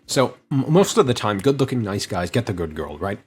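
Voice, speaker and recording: Husky sarcastic male commentator. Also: lowish voice, very animated, fairly quick, a little mellow. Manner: sarcastic, lecturing. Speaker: commentary co-host. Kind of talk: podcast commentary chat.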